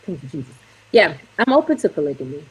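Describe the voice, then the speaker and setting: A woman's voice: deep voice, very animated, fast, slightly rough, rough recording. A woman guest on a casual talk show, candid and sometimes searching for words.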